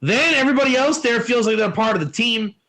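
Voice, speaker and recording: High-voiced man teaching a lively lesson. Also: quick pace, poor audio. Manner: animated storytelling with rhetorical questions. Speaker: Torah teacher. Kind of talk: informal lesson.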